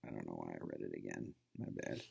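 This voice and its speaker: Low, gravelly man giving a rambling lecture. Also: steady tone, fast, darkish tone. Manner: rambling, full of fillers and restarts. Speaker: instructor. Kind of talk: casual recorded lecture.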